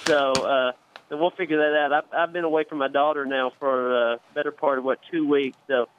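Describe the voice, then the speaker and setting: A man, a newspaper sports reporter calling in to a radio show, chatting in a relaxed way with frequent fillers. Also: mid-range voice, fairly quick, slight background noise. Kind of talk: casual radio interview. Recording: dull phone-line sound.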